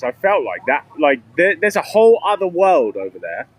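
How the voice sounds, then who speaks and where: A man's voice: fairly high pitch, big pitch swings, normal speed. A man chatting casually during a walking live stream outdoors, rambling and telling stories as he goes. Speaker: vlogger. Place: outdoors on city streets. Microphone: handheld camera while walking.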